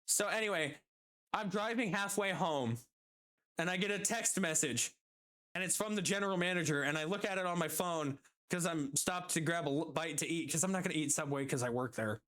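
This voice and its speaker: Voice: mid-range voice, brisk, a bit bright. A streamer casually telling a work story, swearing and acting out the people in it. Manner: swearing, laughing at his own story; acts out quoted customers and bosses.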